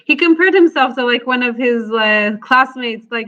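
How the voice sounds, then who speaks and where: High-voiced encouraging woman host. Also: moderate pace. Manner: warm, encouraging, affirming. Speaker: interview host. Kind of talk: casual video interview. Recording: dull lo-fi sound.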